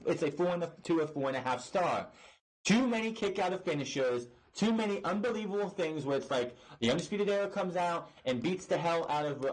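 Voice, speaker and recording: A man's voice: fairly high pitch, poor audio. Exasperated, swearing man ranting. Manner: exasperated, profane, rambling with restarts. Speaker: podcast host reviewing wrestling. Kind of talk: ranting review.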